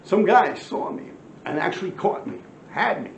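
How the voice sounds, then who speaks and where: A man's voice: high-pitched, big pitch swings, normal speed, gravelly, a little hiss or hum. A middle-aged man, telling profane street stories to a camera in casual storytelling. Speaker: former graffiti writer telling stories. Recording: echoey room, slightly dull sound.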